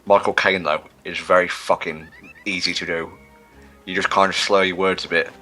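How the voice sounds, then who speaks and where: Deep-voiced man chatting on a game stream. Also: flat delivery, moderate pace, sharp tone, faint music behind. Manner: rambling, self-mocking, hesitant fillers. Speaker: livestream co-host. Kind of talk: casual gaming stream chat.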